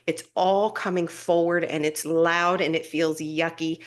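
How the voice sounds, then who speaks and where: A woman's voice: low voice, steady tone, a little slow. A woman hosting a live stream, giving a casual spiritual talk in an earnest, rambling way with frequent laughter and restarts.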